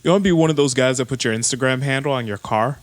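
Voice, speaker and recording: A man's voice: mid-range voice, rapid-fire, no echo. A man co-hosting a casual podcast chat who jokes around and rambles with lots of "like" and "um.". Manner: joking, rambling, lots of fillers. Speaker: podcast co-host.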